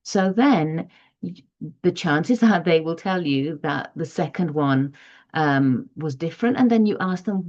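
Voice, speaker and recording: A woman teacher giving parents step-by-step advice on reading, in a measured, explanatory way. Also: lowish voice, animated, darkish tone. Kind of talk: instructional talk to parents. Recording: dull lo-fi audio.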